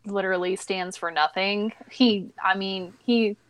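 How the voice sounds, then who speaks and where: A woman's voice: medium pitch, steady tone, unhurried, smooth. A woman co-hosting a podcast, explaining things in casual political chat, with hesitant restarts and occasional laughs. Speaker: podcast co-host.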